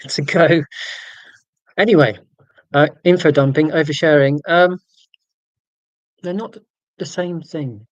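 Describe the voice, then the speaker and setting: A man's voice: medium pitch, no room sound, muffled recording. Rambling man in his forties. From United Kingdom. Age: 40s. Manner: rambling, self-deprecating, full of tangents. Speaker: livestream host. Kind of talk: casual livestream chat.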